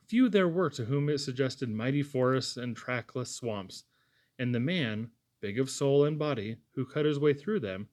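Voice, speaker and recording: A man narrating a classic novel chapter as an audiobook reader, in a measured, expressive reading. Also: medium pitch. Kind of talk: scripted narration.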